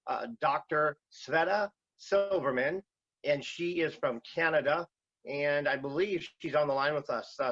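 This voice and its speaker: A man's voice: on the high side, a bit bright, dry recording, dull audio. A man in his fifties hosting a podcast, talking with many hesitations and fillers. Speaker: podcast host.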